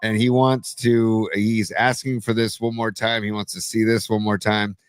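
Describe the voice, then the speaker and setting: Laid-back low-voiced male co-host. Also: flat delivery, moderate pace, clean tone, dry recording, clean studio sound. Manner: easygoing, laid-back banter, reading out listener comments. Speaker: podcast co-host. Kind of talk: casual chat.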